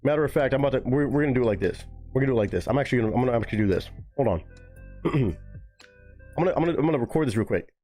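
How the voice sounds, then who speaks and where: A man hosting a live stream, reacting to chat comments in a casual, swearing way with high-pitched mocking asides. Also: expressive, very fast, dark tone, faint music behind.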